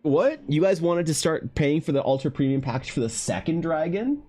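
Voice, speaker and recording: A man's voice: a little high, lively intonation, normal speed, mellow, faint music behind. A man hosting an art livestream, overwhelmed and emotional, who swears a lot and stammers through restarts as he talks. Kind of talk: casual livestream chat.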